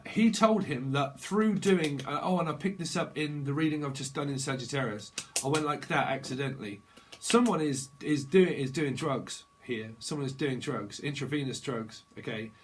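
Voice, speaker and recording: A man giving a tarot reading, rambling quickly and bluntly with slang and swearing. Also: medium pitch. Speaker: tarot reader. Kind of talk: channeled tarot reading monologue.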